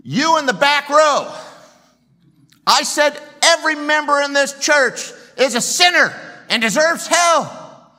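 A man voicing a fired-up preacher who shouts at his congregation from the pulpit. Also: expressive, takes it slowly, long reverb tail, full character voice. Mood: yelling. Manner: shouting, booming.

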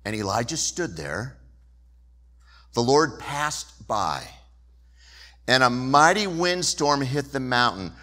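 A man preaches as a pastor and tells his story in an animated way. His voice is bright and forward, and he keeps an unhurried pace. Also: medium pitch. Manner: animated storytelling, shifting from loud to hushed. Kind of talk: sermon.

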